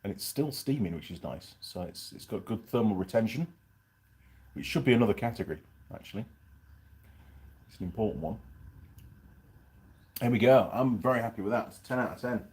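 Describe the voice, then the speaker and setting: A man's voice: on the low side, expressive, brisk, long pauses, a little mellow. A man hosting a casual live stream, reviewing a pie and chatting in a rambling way while he eats. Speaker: channel host reviewing pies on a live stream.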